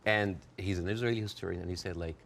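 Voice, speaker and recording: A man speaking as an interview guest in a heated debate, animated and quick to push back, often acting out the people he quotes in a raised voice. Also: low-pitched, vocal fry. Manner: fast, interrupts and pushes back.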